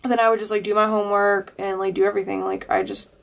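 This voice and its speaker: A woman's voice: mid-range voice, steady tone, fast talker. A young woman vlogger telling a heated, profane storytime, leaning hard on "like" as she talks. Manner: heated, profane, heavy use of "like". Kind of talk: casual storytime monologue.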